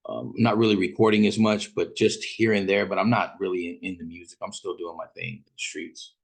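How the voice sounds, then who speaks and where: A deep-voiced man from Fresno, California, tells a story in a casual, rambling way, heavy with street slang and cursing. His voice is low and gravelly, with a husky edge. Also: little pitch movement, a little fast. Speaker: podcast host.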